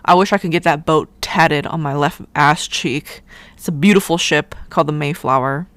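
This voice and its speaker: A woman's voice: deep voice, normal speed, a bit bright, no room sound. A woman hosting her own podcast, talking casually in a rambling, irreverent way and swearing freely. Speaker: podcast host. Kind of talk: casual solo podcast monologue.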